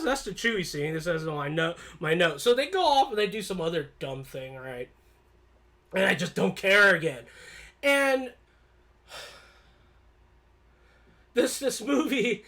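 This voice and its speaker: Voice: mid-range voice, a bit bright. Rambling, chatty film reviewer. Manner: rambling, with many restarts and repeated words; candid, offhand and chatty. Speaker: movie reviewer. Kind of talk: casual spoken film review.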